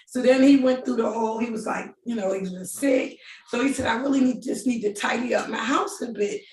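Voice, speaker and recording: Animated storytelling woman in an echoey room. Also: fairly high pitch, fairly quick, recorded from a distance. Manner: animated, laughing, quoting others in voices. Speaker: guest telling her relationship story. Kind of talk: casual storytelling.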